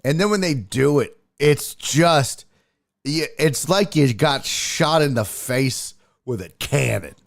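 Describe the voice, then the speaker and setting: Lively, profane male podcast host. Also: mid-range voice, slow, vocal fry, no echo, clean studio sound. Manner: animated, profane storytelling with acted-out sighs. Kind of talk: casual livestream chat.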